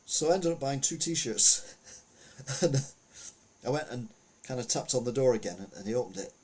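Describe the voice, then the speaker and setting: A man's voice: mid-range voice, expressive, moderate pace, a little mellow. A man, hosting a podcast of casual news commentary, rambling and chatty with lots of fillers. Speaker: podcast host.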